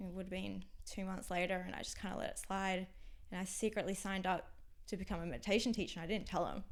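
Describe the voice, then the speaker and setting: A young Australian woman with a lowish voice, speaking as an interview guest. Her talk has a gravelly fry to it and comes in halting, candid phrases. She often trails off into a near whisper. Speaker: podcast guest.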